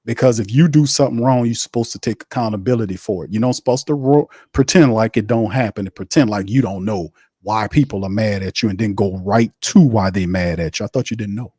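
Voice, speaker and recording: A male host delivers live sports commentary in a blunt, heated rant full of slang and cursing. His voice sits at an ordinary male pitch, recorded close and dry with no room sound. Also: darkish tone, no echo.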